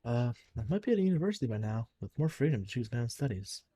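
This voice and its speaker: A man's voice: mid-range voice, big pitch swings, quick pace, mellow, slightly rough, dry recording. A young man reading a visual novel's narration aloud on a live stream, sometimes tripping over words and restarting.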